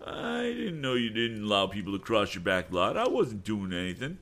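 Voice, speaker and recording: A man's voice: fairly low pitch, huge pitch swings, moderate pace, gravelly, a bit bright, voice pushed up, full character voice. A man voicing a sneaky teenage boy bully who whines and pleads. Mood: whining. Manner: whiny, pleading, shaky.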